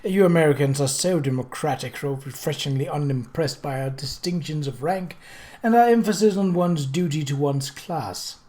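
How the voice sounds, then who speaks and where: A woman's voice: deep voice, moderate pace, mellow, close to an everyday voice. A reader voicing a haughty, jealous aristocratic English lady with a silky, patronizing manner. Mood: cool, patronizing. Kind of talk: audiobook character voice.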